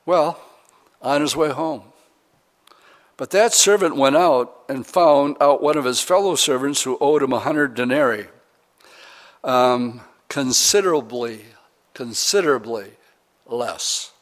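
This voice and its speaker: Male pastor, mid-pitched, preaching an earnest, chatty sermon with sudden emphatic lifts. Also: slow, long pauses.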